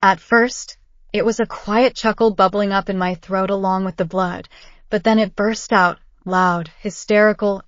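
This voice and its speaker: A woman narrating a dramatic first-person story in a steady reading voice. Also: mid-range voice, no echo, highs cut off.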